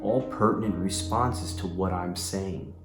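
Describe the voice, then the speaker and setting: Deep-voiced man narrating over guitar music. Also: unhurried. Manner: earnest and explanatory. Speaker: paranormal vlogger. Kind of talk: voice-over commentary on a session. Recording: echoey room, music underneath.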